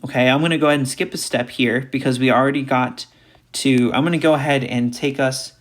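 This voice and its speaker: A man's voice: mid-range voice, steady tone, brisk. Man talking through math steps. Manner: talks through steps aloud, repeats key points. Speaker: math instructor. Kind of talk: recorded math lecture.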